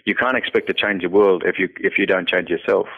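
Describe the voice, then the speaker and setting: A man's voice: low voice, steady tone, brisk, creaky, slightly rough. A man, founder of a nonprofit, earnestly telling a personal story in an interview, often repeating himself and saying "you know". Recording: tinny phone-line audio.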